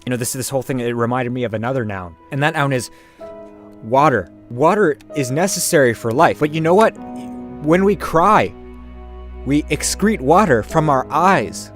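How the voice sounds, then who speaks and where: A man's voice: mid-range voice, lively intonation, normal speed, soft background music. A man hosting a comedy vlog, talking into a webcam in his bedroom with melodramatic, over-sincere delivery. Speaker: comedy vlogger. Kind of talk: mock-earnest sketch monologue.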